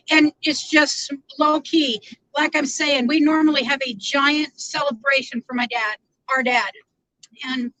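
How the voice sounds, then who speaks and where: High, bright-voiced woman chatting from a car. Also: poor audio. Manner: rambling, chatty, greets viewers by name. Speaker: live streamer. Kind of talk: casual live-stream chat while driving. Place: inside a car.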